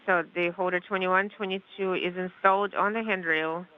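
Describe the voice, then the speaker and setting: A man interpreting radio calls live into English, halting, with fillers and restarts. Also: high voice, fairly even intonation, phone-quality sound.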